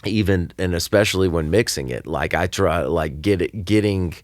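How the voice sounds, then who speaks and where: A man's voice: low voice, moderate pace, no echo, clean studio sound. A man, a recording engineer and producer, talking loosely in a casual podcast interview, with lots of fillers and restarts.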